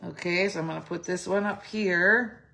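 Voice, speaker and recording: A middle-aged craft demonstrator talks through her project step by step, casual and chatty, reasoning aloud and correcting herself as she goes. Her lowish voice is gravelly yet bright and forceful, with a steady tone, normal speed and a slightly phlegmy throat.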